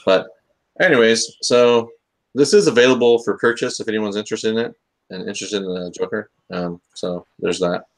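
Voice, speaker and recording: Here the comics talk show host has a lowish voice and talks at a normal speed. It's a relaxed live stream where he cracks jokes and wanders, filling gaps with plenty of fillers.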